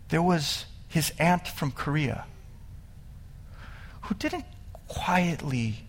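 A pastor with a husky voice preaches a sermon, telling the story with animation. He grows louder and higher as he builds, then drops quiet for the sad parts.

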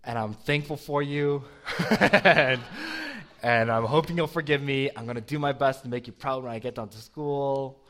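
A man's voice: medium pitch, normal speed, fairly bright tone. A young adult man, a pastor, telling a personal story in a sermon in a casual, self-deprecating way, with frequent laughs and fillers.

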